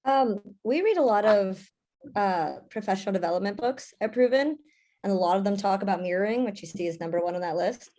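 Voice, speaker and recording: A young woman talks as a panelist in a relaxed discussion. Her voice sits in an ordinary middle range, and she chats with quick asides. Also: mid-range voice. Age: young adult.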